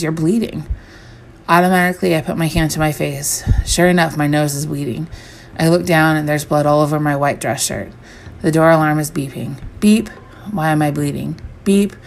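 A woman reading a first-person horror story aloud, measured and slowing down on the eerie lines. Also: sits low, slight background noise. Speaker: story reader.

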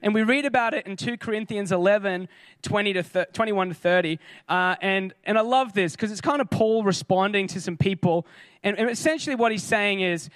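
A man delivering a conversational sermon in a very high voice, animated and chatty, with joking asides. The sound is dry and close, with no room around it. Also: a little fast, dry recording. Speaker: preacher. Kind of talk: casual sermon.

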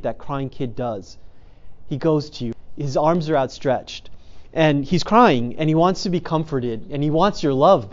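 A man's voice: fairly high pitch, a little mellow, dull audio. A man giving an earnest spiritual talk to men's groups as a podcast host, often repeating phrases for emphasis. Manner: reads quotes aloud.

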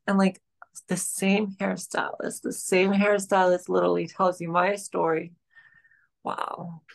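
A woman's voice: fairly low pitch, flat delivery, unhurried, gravelly. A woman, a podcast guest chatting casually and rambling with lots of fillers. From country of Georgia. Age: late 20s. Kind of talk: casual chat.

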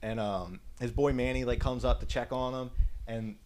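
Casual guy rambling thru a movie plot, lots of um and like, average pitch. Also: fairly even intonation, normal speed, a little mellow, a little hiss or hum. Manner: rambling, full of fillers and "like". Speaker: podcast co-host. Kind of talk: casual film recap.

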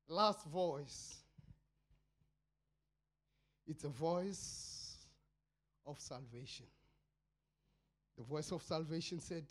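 A man with a South African accent preaching a sermon as a pastor, swinging between shouted cries and low murmured asides. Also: slow, pauses often.

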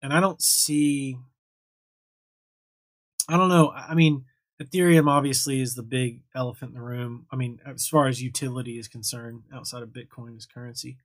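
A man's voice: mid-range voice, fairly even intonation, moderate pace, no echo. A young man casually hosting a livestream, chatting loosely and thanking viewers as he reads their comments. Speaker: livestream host answering chat. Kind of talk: casual live chat.

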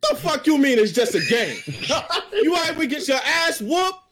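Guy putting on a screechy trash-talkin gamer, yelling and laughing, voices all over. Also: very high voice, big pitch swings, moderate pace, a crowd in the background, voice pushed up. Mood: outraged. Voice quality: shouting, laughing. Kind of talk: mock rendition for friends.

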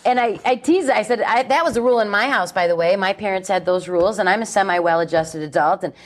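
A woman's voice: medium pitch, quick pace. Emphatic, blunt woman speaker. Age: 40s. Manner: emphatic, blunt, animated preaching tone. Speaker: chastity speaker, guest. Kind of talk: radio interview.

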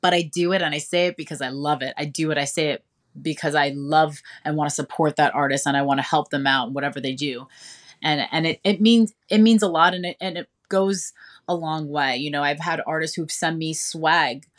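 A woman's voice: deep voice, fairly even intonation, fairly quick, a bit bright. A woman radio DJ, talking enthusiastically and chattily as an interview guest, with many fillers. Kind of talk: casual interview talk.

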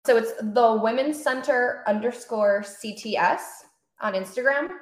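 A woman physical therapist from Florida, a guest on a podcast, upbeat and quick to laugh. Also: on the high side, roomy sound. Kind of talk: casual interview chat.

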